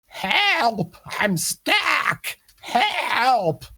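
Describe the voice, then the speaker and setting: A frantic little toad person. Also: male voice, huge pitch swings, very slow, breathy edge, full character voice. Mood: panicked. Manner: high frantic yelling. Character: small male toad person, panicky and stuck.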